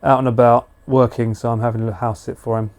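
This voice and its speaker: A man's voice: mid-range voice, flat delivery, quick pace, darkish tone. A British man chatting casually and slangily with viewers on a live stream. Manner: chatty, laid-back, slangy.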